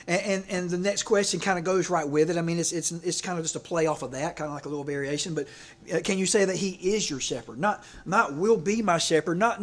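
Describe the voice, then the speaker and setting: This pastor's voice sits slightly above typical male pitch as he delivers a relaxed, conversational sermon. Repeating words along the way, he regularly seeks an amen from the congregation.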